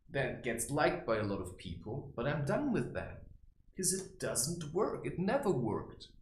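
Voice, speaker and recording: A man giving a rambling spiritual monologue, blunt and profane, often tossing in "right?" and "you know". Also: medium pitch. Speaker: creator sharing spiritual advice. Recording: roomy echo with faint ambience.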